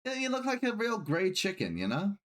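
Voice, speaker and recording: A man in casual tabletop role-play, playful and quick to laugh. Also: high-pitched. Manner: playful, laughs often, animated. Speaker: player.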